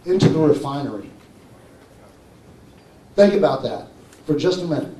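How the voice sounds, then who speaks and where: A man's voice: a little high, lively intonation, moderate pace, dark tone. A man giving a live conference talk, persuasive and constantly checking in with his audience. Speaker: conference presenter. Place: conference hall. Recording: roomy hall from far off.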